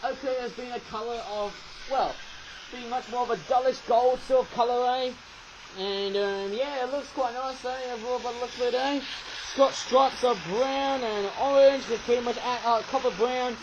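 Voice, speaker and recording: Guy with a super high voice rambling thru a toy review, keeps going "eh?", faint noise behind. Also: fairly even intonation, normal speed, lo-fi sound. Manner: rambling, chatty, tags lines with "eh?"; raising his voice over train noise. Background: toy train running.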